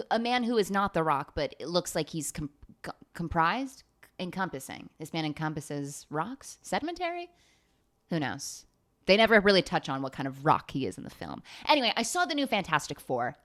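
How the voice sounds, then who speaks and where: Low-voiced woman doing a profane comic rant. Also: fairly bright tone. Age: 20s. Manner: profane, rambling, self-mocking. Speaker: comedian host. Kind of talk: comedic monologue.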